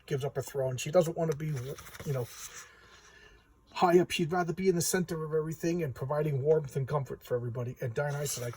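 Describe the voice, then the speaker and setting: A man giving a casual, chatty walkthrough of a comic book, retelling the story in loose talk full of "you know" and quick asides. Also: a little high, darkish tone, slight background noise, rough recording. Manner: acts out characters' lines in quick voices.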